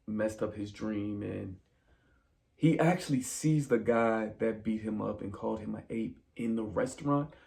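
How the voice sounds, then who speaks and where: A man casually recapping a film plot in a spoiler review, telling it as an animated story and talking straight to his viewers. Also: on the low side, gravelly. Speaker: movie reviewer.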